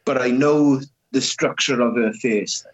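A man's voice: mid-range voice, unhurried, low-quality recording. A man from Wales, chatting casually and hesitantly. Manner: hesitant, many fillers and restarts. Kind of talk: casual chat.

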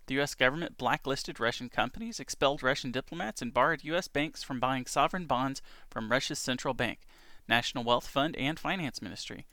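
A man's voice: mid-range voice, brisk, bright, forceful tone, no room sound. A man hosting a casual news show from home, reading headlines and adding chatty asides. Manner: chatty, reads headlines with asides and small laughs. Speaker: podcast news host. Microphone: home recording setup.

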